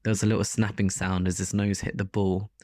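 A man narrating a first-person story as an audiobook in a steady, even delivery. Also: deep voice, fairly quick, dry recording, studio quality.

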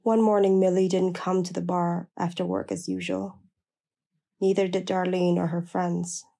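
A woman's voice: fairly low pitch, little pitch movement, normal speed, gravelly, dark tone. A woman narrating a first-person memoir in a blunt, plain-spoken way.

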